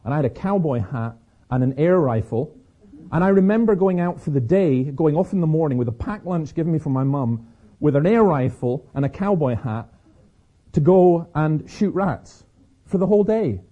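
Scottish male stage speaker, husky with a sore throat, animated preaching, slightly dull lo-fi recording. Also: a little high, moderate pace. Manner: lively storyteller, repeats words as he restarts. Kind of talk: preaching talk to an audience. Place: stage before an audience.

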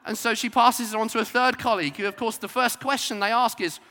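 A man preaching a sermon, emphatic, rising to loud declarations and dropping to soft asides. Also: very high voice, steady tone, fast talker, slight background noise. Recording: long hall reverb.

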